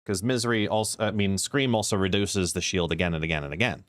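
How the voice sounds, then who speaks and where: A man's voice: deep voice, fast, no room sound, clean studio sound. A man streaming a card game live, explaining plays and chatting as he greets viewers by name. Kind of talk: live gameplay commentary and chat. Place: home, seated.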